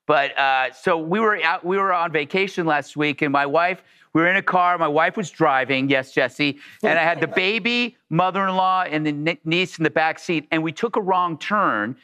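A man's voice: on the high side, moderate pace, few pauses, bright, forceful tone, clean tone. A man hosting a chatty show, reading listener mail and telling a story with lots of animation. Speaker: show host. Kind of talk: casual chat and anecdote.

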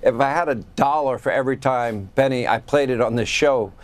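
A man hosts a cable news talk segment in a middle-pitched, even voice. He sets up clips and banters with his guest, dropping chatty asides and chuckling as he goes. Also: fairly quick. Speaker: news talk show host.

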